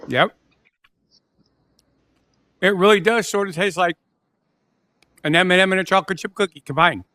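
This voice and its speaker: Bright, laid-back male co-host. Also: high voice, normal speed. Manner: laid-back, dry replies while eating. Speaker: podcast co-host. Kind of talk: casual chat.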